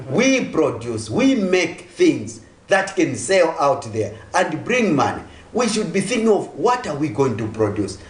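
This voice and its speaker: An animated man, his voice rising and falling widely as he drives home one point after another. His pitch sits a little high for a man, and he hammers his arguments with repetition. The studio around him rings with echo. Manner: forceful, rhetorical, repeats key phrases. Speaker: political guest. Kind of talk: studio talk-show argument.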